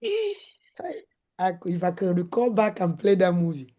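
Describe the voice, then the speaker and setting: Middle-aged Nigerian woman host, dark warm tone, animated storyteller. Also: fairly low pitch, a little slow, pauses often. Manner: acts out her own shouted lines in a raised voice. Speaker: host, former nurse and midwife.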